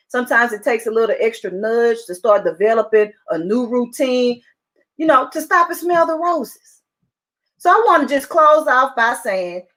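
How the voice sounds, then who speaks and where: An upbeat woman with a fairly high voice, pitching motivation to listeners on a call. She talks with excitement and keeps pressing the same point. Her voice comes through call audio. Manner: excited, upbeat, repetitive urging. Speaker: motivational speaker.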